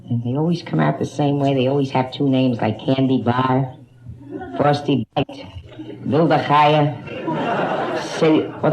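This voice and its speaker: On a 1960s live album, a woman with a rumbling low voice does bawdy stand-up on a nightclub stage, trading jabs with hecklers and calling people honey. The audience laughs in the background, and the highs are cut off.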